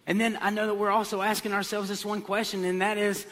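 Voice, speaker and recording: Animated man preaching in a reverberant hall. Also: sits high, fast. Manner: animated storytelling with comic voices. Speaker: pastor. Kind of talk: sermon.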